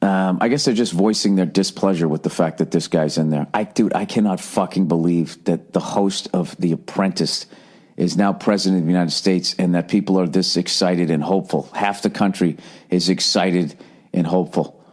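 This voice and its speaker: A man in his forties with a Boston accent talks alone into his podcast mic in a fairly low voice. He rants in a profane, sardonic way and tells his stories with lively energy. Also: moderate pace, slightly rough. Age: 40s. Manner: profane, sardonic, animated storytelling. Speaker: podcast host. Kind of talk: solo comedic podcast rant.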